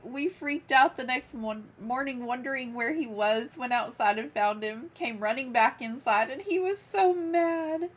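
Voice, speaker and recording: A woman chatting casually on a live game stream from her room, soft-spoken and giggly, gushing over cute things. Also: high voice, a little slow, hardly any pauses. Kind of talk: casual livestream chat while playing. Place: her own room, small fan running beside her.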